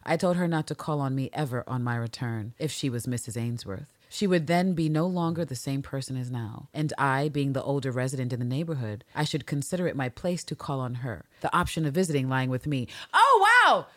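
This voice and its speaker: A woman co-hosting a casual podcast, reading old diary entries aloud and reacting with animated, profane outbursts. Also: a bass voice, brisk, few pauses, no room sound. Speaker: podcast co-host.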